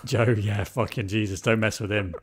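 A man's voice: fairly low pitch, fairly even intonation, normal speed, breathy edge. A man co-hosting a podcast, talking casually about a film, repeating words and swearing freely. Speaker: podcast co-host.

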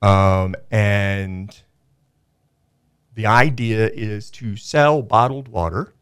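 A man's voice: lowish voice, extremely slow, clear, resonant tone, no room sound, studio quality. A man, a guest on a local radio talk show, chatting in an enthusiastic, rambling way with many fillers. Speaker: studio guest, media company owner. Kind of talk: casual radio chat. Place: radio studio.

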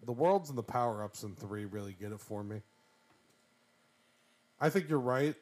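A man's voice: medium pitch, expressive, normal speed, darkish tone. A man in his thirties co-hosting a casual podcast chat, joking and slipping into goofy quoted voices. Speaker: podcast co-host.

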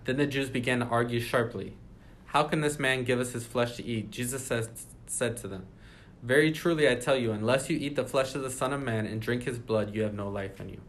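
Leading an informal Bible study, a man with a mid-range, slightly bright voice reads passages and then breaks them down conversationally. He talks a little fast with few pauses, over a faint hiss or hum.

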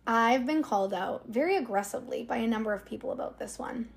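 A woman's voice: a little high, fast talker, vocal fry. A young woman co-hosting a podcast, chatting casually and rambling with lots of fillers. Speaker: podcast co-host. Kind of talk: casual chat.

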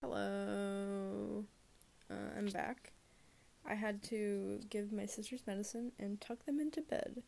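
A woman chats about films alone in her bedroom, lying down as she talks. Her voice has a gravelly, creaky edge, and her thoughts wander through fillers and restarts. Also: mid-range voice, fairly even intonation, slow pace, dark tone, slight background noise. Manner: rambling, full of fillers and restarts. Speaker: movie reviewer. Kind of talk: rambling casual chat.

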